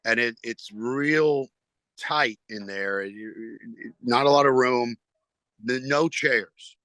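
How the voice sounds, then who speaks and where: A man of middle pitch tells a long story as a podcast guest. He rambles and halts, restarting his sentences. The sound is dry and close, with no room around it. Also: sharp tone, no echo. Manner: rambling, halting, with restarts and quoted voices. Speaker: stand-up comedian guest.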